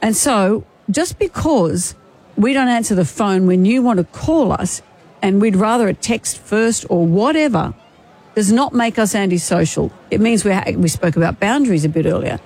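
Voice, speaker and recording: A woman's voice: medium pitch, lively intonation, moderate pace, a little mellow. A woman co-hosting a radio show, chatting casually and arguing her point with stammered restarts. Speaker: radio co-host. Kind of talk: casual on-air banter.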